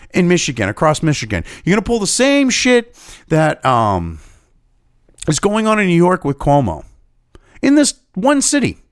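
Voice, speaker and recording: A man's voice: sits high, no room sound, clean studio sound. A man from New Hampshire giving angry, sarcastic, profanity-laden political commentary.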